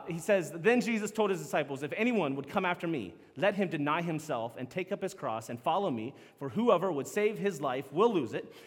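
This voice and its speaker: A man preaching a sermon as pastor, chatty and animated, laughing often. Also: on the high side, big-room sound.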